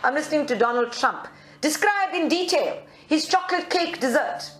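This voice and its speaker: A woman's voice: high-pitched, animated, normal speed, a bit bright. Woman leading a spiritual group talk. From South Africa. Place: meditation centre room. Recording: roomy live recording.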